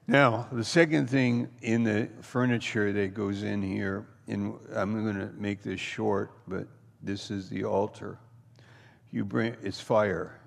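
A man's voice: fairly low pitch, steady tone, takes it slowly, vocal fry. A man preaching a sermon as pastor, building intensity through repeated rhetorical questions. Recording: long reverb of a large hall.

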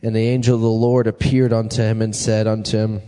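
A man's voice: lowish voice, flat delivery, a little fast, warm tone, clean tone. A man preaching a casual, conversational sermon and asking his congregation questions. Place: church hall. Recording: long hall reverb.

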